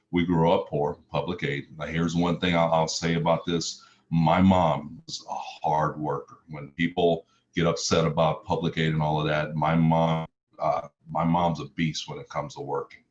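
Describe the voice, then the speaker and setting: On a lo-fi recording with slight background noise, a very deep-voiced middle-aged man from Mississippi shares his personal testimony as a motivational speaker. He is earnest, piling up repeated phrases and lifting his voice to stress them.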